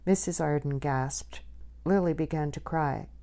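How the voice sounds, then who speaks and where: A woman reading a novel aloud in measured, scripted narration. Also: low voice, warm tone. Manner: measured storytelling. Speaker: audiobook narrator.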